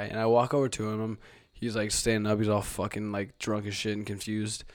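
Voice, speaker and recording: Young man with a lowish voice, meandering profane anecdotes, dry sound. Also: flat delivery, quick pace, no room sound. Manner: rambling, profane, trailing asides. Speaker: podcast co-host, bartender. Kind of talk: casual chat.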